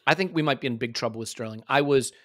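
A man's voice: medium pitch, rapid-fire, a bit bright, no echo, studio quality. A man hosting a football podcast, giving worked-up opinions in casual chat. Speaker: podcast host.

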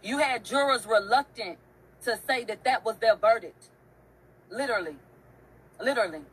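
A woman's voice: on the high side, normal speed, a bit bright, husky, rough recording. A woman hosting an online show, telling a story in a casual, emphatic rant. She swears often and repeats phrases for effect.

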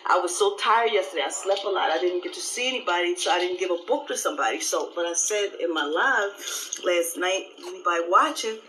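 A woman pastor giving an animated, live-streamed devotional talk, repeating her phrases and laughing often. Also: on the low side, brisk, a little hiss or hum, rough recording.

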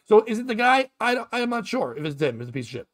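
A man's voice: high-pitched, very animated, fast. A man hosting a casual comedic talk show, riffing and ranting with lots of swearing. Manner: profane, riffing, rambling rants. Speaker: podcast host.

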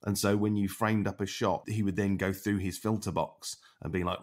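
A man's voice: low-pitched, level tone, normal speed. A man interviewing a fellow cinematographer, speaking in long, articulate sentences about the craft. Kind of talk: interview questions and commentary.

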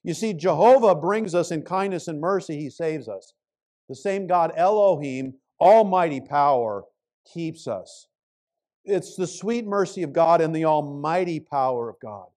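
A male pastor preaching a sermon in an earnest voice that swells and falls to a hush. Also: a little high. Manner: impassioned pleading prayer.

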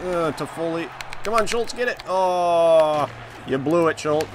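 A man commenting live on the hockey video game he is playing, reacting loudly to each play and groaning at his mistakes. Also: a little high, a little slow, background noise. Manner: excitable, reacts loudly, groans and laughs at plays. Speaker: gaming channel host.

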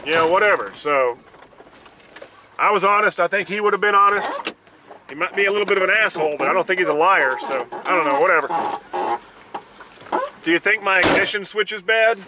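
A man's voice: on the high side, heavy background noise. A man ranting bluntly and profanely in a casual vlog, recorded outdoors in a rural yard. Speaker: vlogger.

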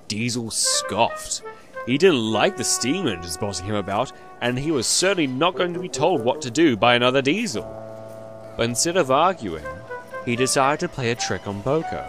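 A man reads a storybook tale in scripted narration, his pitch moving lively through each line. Clear background music plays beneath his voice. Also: normal speed. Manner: expressive, animated telling.

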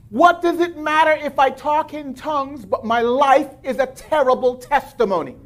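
A male pastor preaching a sermon, reading scripture and breaking off into lively asides. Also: very high-pitched, moderate pace, few pauses.

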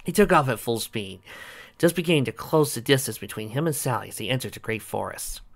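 A man narrating a fan-made story, reading aloud with animated delivery. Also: mid-range voice, fairly quick, gravelly.

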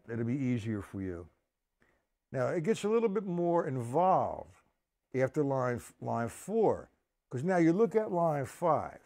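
A man's voice: mid-range voice, darkish tone. A man teaching a drum lesson on a live stream, counting the beats aloud and explaining each stroke step by step.

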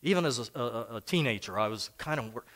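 A man's voice: medium pitch, animated, fast, fairly bright tone. An older man preaching a sermon as a pastor, telling personal stories in a conversational way. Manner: conversational and anecdotal. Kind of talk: storytelling sermon.

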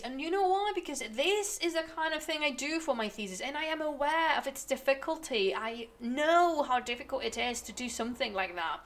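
A young woman who speaks natively, streaming casual commentary to her chat, ranting in an animated, exasperated way with laughs. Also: high voice.

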